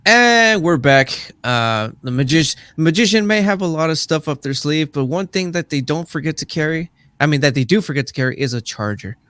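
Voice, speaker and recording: A man hosting a casual podcast interview, relaxed and joking, with short reactions. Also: on the high side, fairly quick, hardly any pauses, no echo. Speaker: podcast host.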